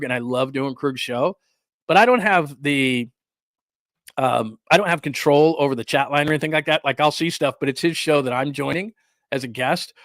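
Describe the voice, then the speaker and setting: A man hosting a solo sports livestream rants in a slightly high voice, with quick asides and laughs, and he stops to greet viewers in the chat. The sound is close and dry, with no room echo. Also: fairly bright tone. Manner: reads and answers live chat. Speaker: sports talk host.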